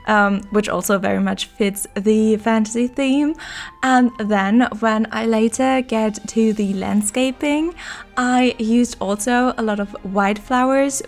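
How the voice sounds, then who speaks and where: A woman with a stuffy, nasal voice from being sick, chatting casually and enthusiastically as a Sims builder narrating her own speed build, with plenty of filler words. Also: a little high.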